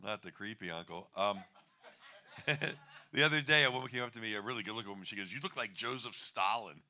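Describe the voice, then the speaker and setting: A man's voice: on the low side, fast talker, sharp tone. A middle-aged man doing a stand-up set, wry and self-deprecating, chuckling at his own lines. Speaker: stand-up comedian.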